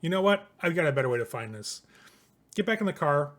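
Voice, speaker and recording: A man's voice: fairly high pitch, very animated, fast talker, a bit bright. A man voicing a curt, impatient male businessman vampire with a German accent. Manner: curt, clipped, threatening.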